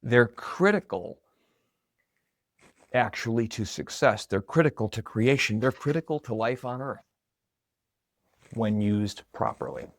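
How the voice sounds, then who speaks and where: A man's voice: medium pitch, expressive, a little slow, gravelly, pauses often, dry recording. A man, probably middle-aged, telling a personal story in a conversational, reflective way. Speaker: marketing coordinator.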